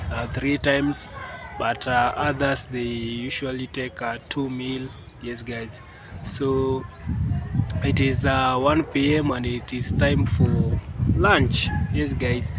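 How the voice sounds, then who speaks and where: A man's voice: medium pitch, flat delivery, slow. Kenyan guy chatting to his viewers outside, lots of uh's, traffic and noise behind him. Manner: hesitant, many "uh" fillers, repeats "yes, guys". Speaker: vlogger. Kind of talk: casual vlog narration. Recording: clear outdoor background noise.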